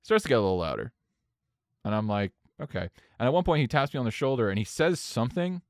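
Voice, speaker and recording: A young man telling a long story in casual podcast chat, animated and swearing freely. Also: mid-range voice, fast, no room sound, studio quality. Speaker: podcast co-host.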